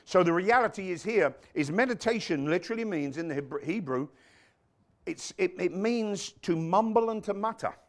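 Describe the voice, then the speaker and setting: A man's voice: high-pitched, expressive, normal speed. A man preaching a sermon to his congregation, quoting scripture, dropping muttered asides and joking with the people in front of him. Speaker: pastor.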